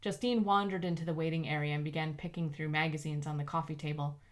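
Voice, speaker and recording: Woman audiobook narrator, low-middle pitch, even and measured delivery.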